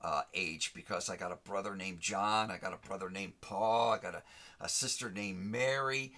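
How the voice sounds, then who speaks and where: A man's voice: low voice, moderate pace, bright, forceful tone. A man hosting a motivational talk, speaking emphatically to the listener, repeating and rhyming his key phrases. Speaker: host of a motivational show.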